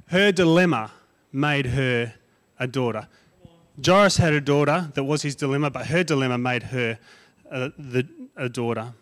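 A man delivers a sermon in a conversational way, with a voice of ordinary middle pitch for a man. He builds emphatic lists loudly and climbs in pitch, then drops to a soft, quiet tone for asides. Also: moderate pace. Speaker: guest preacher.

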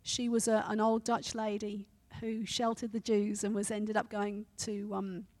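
A woman preaching a sermon who reads scripture and a story aloud in a measured way, with hesitant restarts. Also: medium pitch, level tone, a little mellow, in a large hall.

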